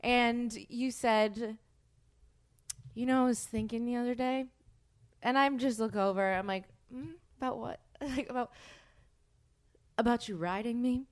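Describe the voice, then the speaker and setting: A young woman hosting a podcast speaks in a voice on the high side with fairly even intonation, unhurried and pausing often. She chats casually, giggling as she rambles through a story.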